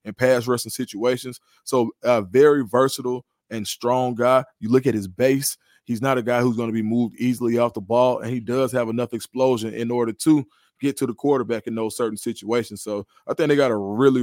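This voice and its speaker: A man's voice: medium pitch, no room sound, clean studio sound. A man, a guest analyst in a podcast interview, talks through football recruiting in a confident, analytical way. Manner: confident, analytical, animated storytelling.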